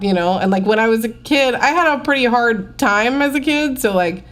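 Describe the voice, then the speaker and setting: A woman's voice: fairly high pitch, lively intonation, brisk. A woman guest on a podcast, talking casually and chattily with frequent filler words. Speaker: podcast guest, music producer. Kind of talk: casual interview chat.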